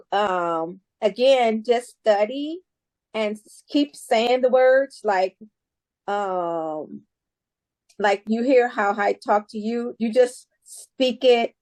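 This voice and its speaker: A woman's voice: medium pitch, a little mellow, no room sound. A woman English teacher answering students' questions in a classroom, talking casually and encouragingly with many restarts.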